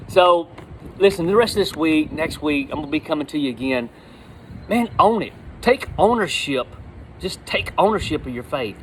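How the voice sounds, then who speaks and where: Guy preaching casual outdoors, kinda high voice, bit of traffic noise behind. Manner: folksy and animated, with repeated words. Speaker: lay preacher. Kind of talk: casual sermon.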